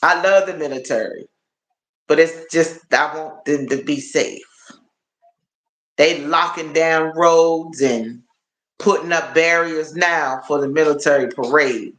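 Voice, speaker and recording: A man with a slightly high, somewhat bright voice hosts a casual livestream, speaking slowly in a reverberant space. Tired and achy, he chats along, repeats himself, and addresses his viewers as y'all.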